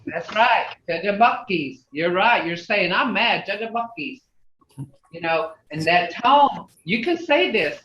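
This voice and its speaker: A woman leads an online language lesson by video call, speaking in an animated, slightly slow, somewhat bright mid-range voice with a bit of hiss or hum. The audio is distant, roomy, and dull, and she patiently takes students in turn, guiding them phrase by phrase.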